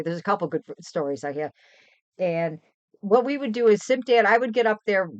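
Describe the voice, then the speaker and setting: Older lady streamer chatting away, animated rambling stories, dry lo-fi mic. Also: lowish voice, no echo. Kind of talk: casual chat. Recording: dry, dull lo-fi stream audio.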